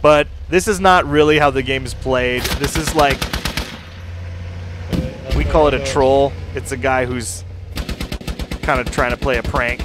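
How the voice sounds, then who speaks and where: A man's voice: medium pitch, steady tone, a little slow, long pauses. A man livestreaming a game, chatting and laughing as he explains what the players are doing. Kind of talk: live gameplay commentary. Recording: loud game noise with gunfire behind. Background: game sounds, vehicles and gunshots.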